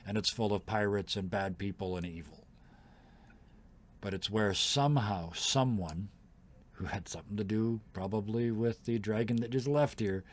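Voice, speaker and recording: A man with a fairly low voice runs a tabletop game, describing the world to his players. He narrates casually, with fillers and the odd laugh. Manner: relaxed storytelling with fillers and laughs. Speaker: game master.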